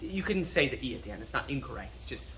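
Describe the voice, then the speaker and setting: Bright-voiced American man teaching pronunciation. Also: medium pitch, sing-song, slight background noise. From United States. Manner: nerdy, repeats words slowly to drill pronunciation. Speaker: martial arts instructor. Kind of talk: casual explanatory teaching. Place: martial arts school.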